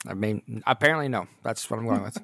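A man's voice: on the low side, quick pace, vocal fry, fairly bright tone, no echo. A man recapping a film plot with dry sarcasm in casual chat. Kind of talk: casual movie review chat.

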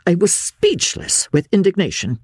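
A woman narrating a classic novel in a measured, dramatic audiobook reading, in the first person. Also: lowish voice, wildly swooping pitch, darkish tone, breathy edge, no room sound, studio quality.

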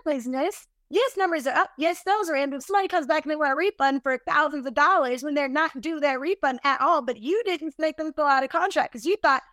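A woman guest on a podcast, telling her business lessons in an animated, emphatic, self-deprecating way. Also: sits high, fast talker, few pauses, dry recording, studio quality. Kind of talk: casual interview storytelling.

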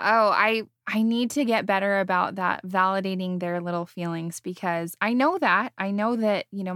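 A woman hosting a podcast, speaking candidly and thinking out loud about her own parenting. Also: medium pitch, clean tone, dry recording, studio quality. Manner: candid, thinking aloud with restarts. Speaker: podcast host. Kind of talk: casual chat.

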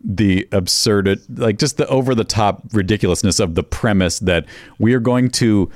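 A man's voice: lowish voice, normal speed, no room sound, clean studio sound. A man in casual conversation, wry and amused, who laughs easily. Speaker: podcast co-host. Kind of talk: casual chat.

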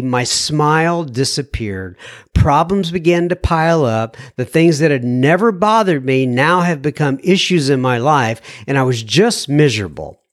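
A man's voice: a little high, no room sound, clean studio sound. A man hosting a podcast, reading listener messages aloud in a casual, chatty way, thinking aloud with fillers and self-corrections.

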